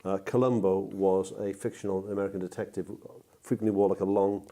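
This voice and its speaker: A man's voice: low-pitched, little pitch movement, mellow. A young adult man co-hosting a comedy podcast, cutting in with sarcastic quips. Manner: sarcastic, quick interjecting quips. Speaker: podcast co-host.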